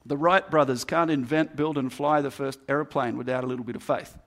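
A man's voice: medium pitch, steady tone, a little fast, a bit bright. A man preaching a sermon, earnest and building emphasis through repeated phrases. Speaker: pastor.

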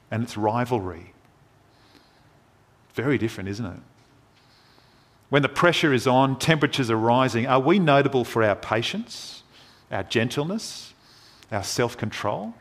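An earnest male preacher delivering a sermon at a measured pace. He pauses for effect between phrases. His voice sits at a middle pitch.

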